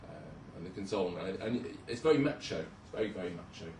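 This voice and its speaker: A man's voice: deep voice, animated, fairly quick, darkish tone, slight background noise. A young man giving a casual, self-deprecating talk as a junior doctor, chatty and hesitant, with many ums. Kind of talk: casual presentation with slides. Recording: roomy hall, speaker far from mic.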